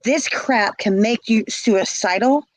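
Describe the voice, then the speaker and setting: A woman's voice: on the high side, slow, no room sound, rough recording. A woman telling her own story in casual speech, blunt and emphatic, often repeating words.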